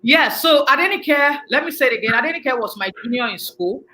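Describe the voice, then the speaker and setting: Bright-voiced woman host. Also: high-pitched, expressive, brisk, low-quality recording. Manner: chatty, laughs often, playful asides. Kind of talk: live online interview hosting.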